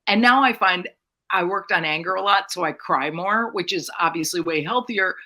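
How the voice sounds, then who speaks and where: Brash middle-aged comedian lady, swears a lot, bright punchy voice, chatty guest. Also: lowish voice, normal speed. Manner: brash, profane, animated storyteller. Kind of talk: casual storytelling chat.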